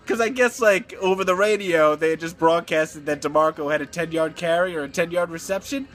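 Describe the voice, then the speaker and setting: A middle-aged man ranting casually about football, animated, exclaiming and laughing as he talks. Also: high-pitched, moderate pace, few pauses, soft background music. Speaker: sports betting vlogger. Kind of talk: casual sports rant.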